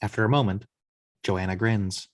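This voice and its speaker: A man narrating the action lines of a screenplay read-through in a steady storytelling manner. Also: on the low side, normal speed, dry recording. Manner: steady storytelling, occasional slips. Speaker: narrator reading action description.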